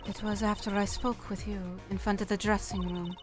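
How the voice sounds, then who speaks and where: A woman voicing a soft-spoken, formal blind female singer in a fan game dub. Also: medium pitch, music in the background, lightly acted. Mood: calm. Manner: calm, measured, formal.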